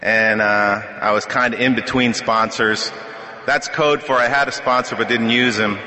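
A middle-aged man sharing his recovery story at a meeting podium, wry and self-deprecating, with halting restarts. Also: mid-range voice, fairly even intonation, bright, forceful tone. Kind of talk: personal testimony at a podium. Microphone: podium microphone. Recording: echoey hall reverb.

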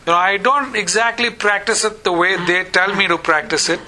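A man's voice: high-pitched, normal speed, poor audio. A middle-aged man from India, sharing his recovery story and acting out remembered conversations. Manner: lively, acts out remembered dialogue. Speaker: recovery meeting speaker. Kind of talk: personal storytelling share.

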